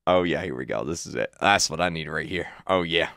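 A man in his twenties hosting a casual reaction video, excitable and repetitive, often breaking into high-pitched shouts. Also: brisk, vocal fry, no echo, clean studio sound. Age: 20s. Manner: excitable, repeats himself, bursts into high shouts.

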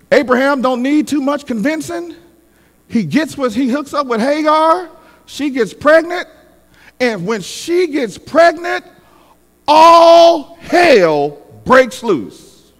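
A man delivers a sermon in a high voice that leaps up and down with feeling. He builds to shouted peaks and calls on the congregation to answer. His voice rings in a reverberant church hall. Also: animated, a little slow. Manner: emphatic, call-and-response preaching with shouted peaks. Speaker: pastor.

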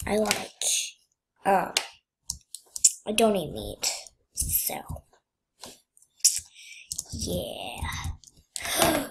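A young woman talks her way through a game in a slow, unhurried way. She is playful and chatty and often sinks to a whisper, with faint keyboard clicks in the background. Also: medium pitch, lively intonation, slight background noise. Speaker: gamer. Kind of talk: casual gameplay commentary.

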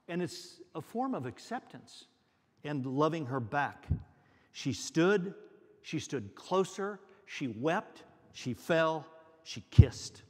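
Slow-preaching pastor in a reverberant church. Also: male voice, fairly high pitch, animated, slightly rough. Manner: earnest, repeats words for emphasis. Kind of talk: sermon. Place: church sanctuary. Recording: long reverb of a church hall.

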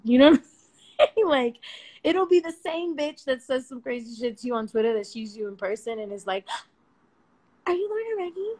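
A woman chatting casually on a phone livestream at home at night, slangy and profane, animated and quick to laugh. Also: mid-range voice, rough recording.

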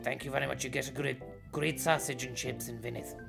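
Gravelly Irish man, jokey streamer. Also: mid-range voice, fairly even intonation, brisk, over music. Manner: jokey, rambling, thanks donors by name. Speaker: live streamer. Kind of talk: live stream commentary.

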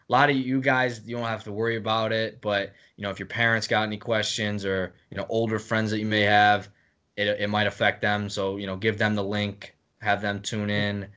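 A man's voice: fairly low pitch, fairly bright tone. A man appearing as a guest on a casual podcast, explaining things in a plain, easygoing way.

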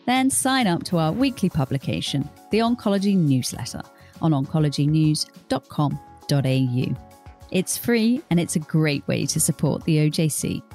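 A woman's voice: sits low, dark tone. Australian woman reading a podcast intro. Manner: smooth, read-aloud delivery. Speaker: podcast producer and presenter.

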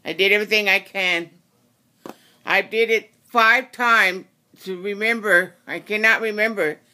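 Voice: mid-range voice, fairly even intonation, a little slow, sharp tone. A craft tutorial host giving a casual how-to demonstration, rambling and often correcting and apologizing.

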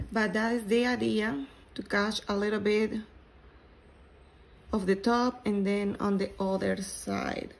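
A woman, not a native English speaker, explains sewing steps slowly, pausing and restarting phrases as she works. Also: medium pitch, low-quality recording. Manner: slow, halting, with restarts. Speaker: sewing instructor. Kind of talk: step-by-step sewing tutorial.

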